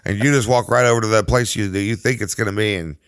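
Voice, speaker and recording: A man's voice: on the low side, steady tone, rapid-fire, fairly bright tone, smooth, dry recording, clean studio sound. A man co-hosting a casual podcast, telling playful, jokey stories. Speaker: podcast co-host. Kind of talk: casual chat.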